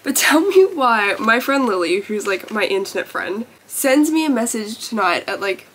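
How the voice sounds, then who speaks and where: A young woman chats to camera from her home, gushing over small things and filling her sentences with easy fillers. Her voice sits a touch higher than most women's. A faint hiss runs underneath. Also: sing-song, normal speed, fairly bright tone. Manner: chatty and gushing, filler-heavy. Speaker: vlogger. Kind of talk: casual vlog chat.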